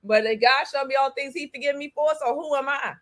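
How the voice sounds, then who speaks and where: A woman's voice: high-pitched, quick pace, a bit bright. A woman in a casual faith conversation, telling her personal testimony candidly and with animation.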